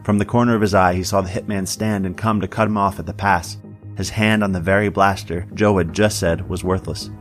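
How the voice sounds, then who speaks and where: A man narrating a story in an even, measured audiobook style. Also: sits low, faint music behind.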